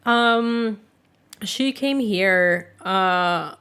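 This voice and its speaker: A young woman speaking at a middle pitch, chatting casually as a podcast co-host. Her talk is loose and profane, with 'like' in almost every breath. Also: very slow, a bit bright, clean tone. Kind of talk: casual storytelling chat.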